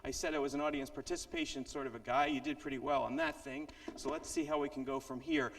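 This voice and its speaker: A man's voice: a little high, wildly swooping pitch, quick pace, creaky, fairly bright tone. A man giving a keynote speech to an audience, playful and self-mocking, coaxing the crowd to join in. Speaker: motivational speaker. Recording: echoey hall from far off.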